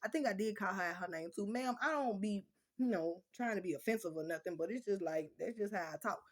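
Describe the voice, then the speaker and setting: An animated woman talks straight to her viewers. Her delivery is blunt, profane and lively, swinging her voice up and down as she tells her stories. She speaks at a mid pitch in an easy, casual vlog chat. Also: fairly quick. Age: adult with children. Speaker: vlogger.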